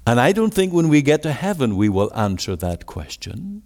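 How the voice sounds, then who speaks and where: A man's voice: mid-range voice, sing-song, moderate pace, few pauses, darkish tone, long reverb tail. A man preaching a sermon and posing rhetorical questions to his listeners.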